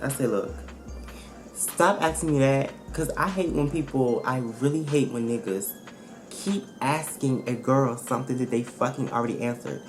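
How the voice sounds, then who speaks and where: A woman vlogger telling a storytime in a casual, blunt and profane way, animated and emphatic as she retells it. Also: a bass voice, normal speed, faint music behind.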